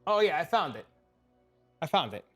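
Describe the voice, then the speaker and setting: A man's voice: a little high, sing-song, moderate pace, soft background music. A man streaming a video game, talking to chat in a blunt, profane, heated rant. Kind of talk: casual live stream rant.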